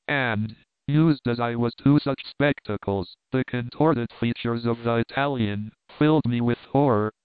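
A man reads a mystery novel aloud in an even, deliberate way. His voice is smooth and clear at a middle pitch. The recording is dry and phone-like. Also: dry recording. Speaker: audiobook narrator. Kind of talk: scripted narration of a mystery novel. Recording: dry, tinny narrow-band audio.

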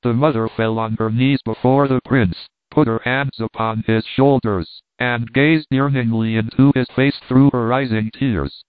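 A man narrating a classic novel in a measured, even way. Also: medium pitch, clear, resonant tone, no room sound. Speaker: audiobook narrator. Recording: tinny phone-like sound, dry.

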